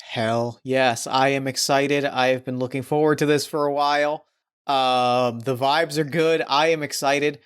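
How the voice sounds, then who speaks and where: A man's voice: mid-range voice, fairly even intonation, a little slow, smooth. A man hosting a tabletop role-playing podcast, chatting enthusiastically with a guest before the game. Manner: upbeat, enthusiastic, many fillers. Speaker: podcast host and game master.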